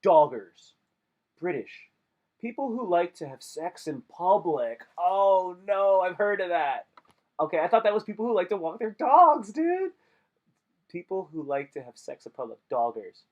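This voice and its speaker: A man's voice: sits high, sing-song, moderate pace, dull audio. A young man chatting casually on a live stream, joking and rambling with lots of slang.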